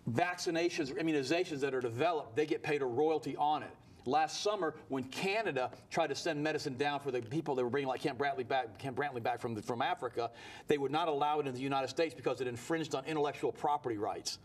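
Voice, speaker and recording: Fast-talking, heated man on a talk show. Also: medium pitch. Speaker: guest. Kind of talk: animated talk-show interview. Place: TV studio.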